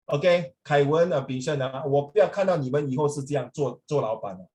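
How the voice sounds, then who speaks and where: A man with a Singaporean accent who teaches in a loose, conversational way, sitting a little high in his pitch. He drifts between English and Mandarin and keeps asking his students whether they agree. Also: a little fast, dark tone, low-quality recording. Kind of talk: casual classroom talk to students.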